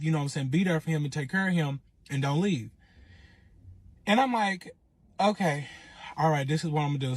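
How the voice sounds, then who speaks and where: A man telling his own relationship story in casual, animated storytime style, acting out quotes. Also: a little high, no room sound. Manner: animated, acts out quotes in raised voice.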